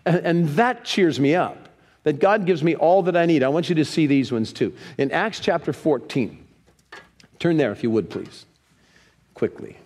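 A man preaching a sermon in a church, lively, leading the congregation in reading scripture aloud. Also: a little high, moderate pace. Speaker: pastor. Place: church sanctuary. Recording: long reverb of a church hall.

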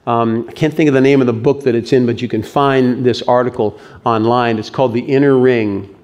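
Male pastor mid-sermon, expressive delivery with rises and quiet drops. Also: medium pitch, fairly quick, lo-fi sound. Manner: animated preaching, swings from loud to hushed.

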